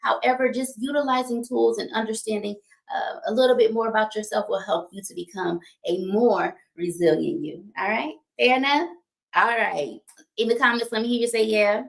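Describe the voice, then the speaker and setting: A woman's voice: fairly high pitch, normal speed, vocal fry. A woman hosting a livestream talk show, upbeat and chatty, often laughing and repeating herself. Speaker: host.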